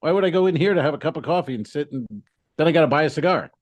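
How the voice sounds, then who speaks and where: A man's voice: a little high, racing, no echo, highs cut off. A man co-hosting a comedy podcast in casual chat, laughing often and griping in mock outrage. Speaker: podcast co-host.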